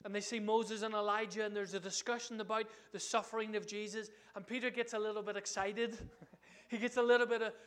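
A man preaching a sermon in an animated way, often asking the congregation questions. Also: sits high, fairly quick.

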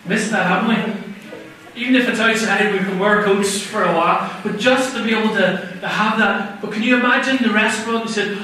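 A man with a high voice preaches a sermon in a relaxed, conversational way and keeps asking his listeners questions. He sits well back from the mic, and his words ring through a very echoey room. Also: moderate pace, distant mic, a little hiss or hum. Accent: non-American. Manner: conversational, asks the audience questions.

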